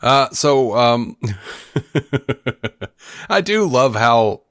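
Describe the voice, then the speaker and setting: An animated man co-hosting a film podcast, talking casually and swearing often as he retells scenes. His voice sits at an ordinary middle pitch. The sound is dry and close, with no room around it. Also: very slow, clean tone, dry recording. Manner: animated, profane, acts out movie lines. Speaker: podcast co-host. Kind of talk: casual film-review chat.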